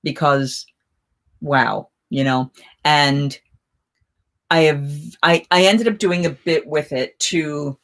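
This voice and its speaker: A woman's voice: low voice, steady tone, takes it slowly, long pauses, fairly bright tone. A middle-aged woman hosting a casual live chat, telling stories in a rambling, chatty way with many restarts. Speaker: live chat host, festival performer.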